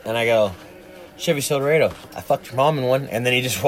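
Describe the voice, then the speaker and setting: A man with a medium-pitched voice talks fast as he co-hosts a livestream. In casual conversation, he rambles through lengthy stories packed with profanity.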